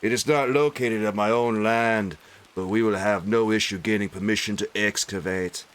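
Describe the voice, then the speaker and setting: A formal male correspondent as a man plays him in a put-on English accent. He reads slowly and deliberately, courteous and stiff. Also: lowish voice, steady tone, fairly bright tone, lightly acted.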